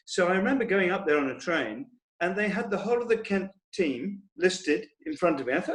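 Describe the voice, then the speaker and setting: Man, higher voice, anecdotal panel chat, echoey room. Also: moderate pace. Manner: anecdotal, quotes others in lively voices. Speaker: former cricketer, guest. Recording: roomy echo.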